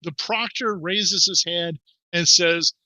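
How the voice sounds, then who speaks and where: A man with a strikingly bright voice narrates a tabletop role-playing game as its game master. He tells the scene briskly with plenty of fillers, recorded close and dry. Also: sits high, dry recording, rough recording.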